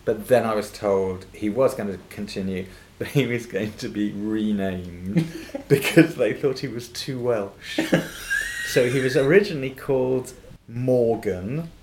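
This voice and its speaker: Older male actor guest, lively raconteur, slightly low voice, roomy echo and faint hiss. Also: measured pace. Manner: lively raconteur, laughs often, acts out quoted voices. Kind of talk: anecdotal storytelling in a podcast interview. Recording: echoey room with faint noise.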